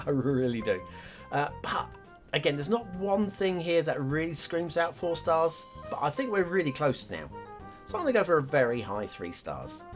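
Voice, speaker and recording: A man's voice: fairly high pitch, big pitch swings, moderate pace, faint music behind. A man hosting a game map review show, chatting casually, joking and giggling as he talks over gameplay footage. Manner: chatty, giggly, jokey asides.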